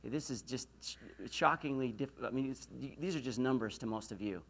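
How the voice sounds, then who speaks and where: A man in his forties giving a university lecture, telling a story with animated delivery and loud emphatic peaks. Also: medium pitch, normal speed. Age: 40s. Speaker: motivational speaker. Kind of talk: lecture to an audience.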